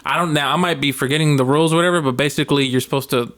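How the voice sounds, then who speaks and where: A young man co-hosting a podcast, telling stories in a casual, animated way. He acts out the voices of people in his stories and laughs often. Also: fairly high pitch, very fast. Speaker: podcast co-host. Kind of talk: casual storytelling chat.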